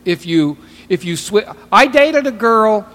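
Stammering podcast man, high voice. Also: expressive, unhurried, fairly bright tone, big-room sound. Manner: profane, rambling, stammering restarts. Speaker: podcast co-host. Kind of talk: casual podcast chat.

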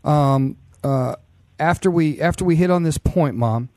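A man's voice: on the high side, a little slow, a little mellow, no room sound, studio quality. A man hosting a casual call-in show, loose and rambling with lots of fillers. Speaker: podcast host.

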